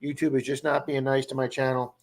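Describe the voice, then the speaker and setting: A man with a Baltimore accent hosts a casual livestream. His voice sits at an ordinary middle pitch, and he chats easily, answering viewers one by one and calling each of them by name. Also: little pitch movement, brisk. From Baltimore area, USA. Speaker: livestream host.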